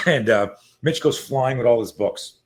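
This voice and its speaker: Man, self-defense coach, interview guest, animated storyteller, casual, mid-pitched voice. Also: slow. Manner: animated storyteller who acts out quoted voices; frequent fillers and restarts.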